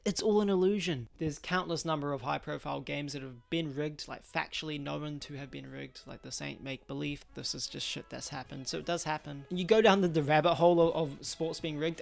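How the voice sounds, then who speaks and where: A man's voice: a little high, gravelly. A young man, hosting a podcast and giving blunt, slangy opinions in casual chat. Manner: blunt and slangy, laughs at his own jokes. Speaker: podcast host.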